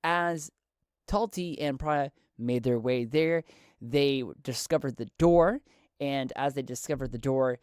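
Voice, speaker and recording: A man's voice: medium pitch, slow pace, a little mellow, clear, resonant tone, no echo, clean studio sound. A man narrating and running a solo tabletop game in a casual, rambling way, often restarting his sentences.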